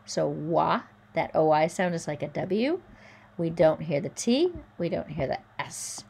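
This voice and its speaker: A woman giving a pronunciation lesson at an unhurried pace, sounding out each word with care before explaining it. Her pitch sits a little low but moves a lot, rising on the modelled words. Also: expressive, vocal fry, darkish tone, slightly rough. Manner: slow, careful modelling of French words with explanations. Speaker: French pronunciation teacher.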